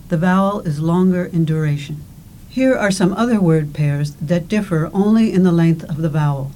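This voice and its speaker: A woman giving scripted instructional narration for a language course, speaking deliberately and enunciating with care. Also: on the low side, warm tone, a little hiss or hum, poor audio. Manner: slow, deliberate, careful enunciation.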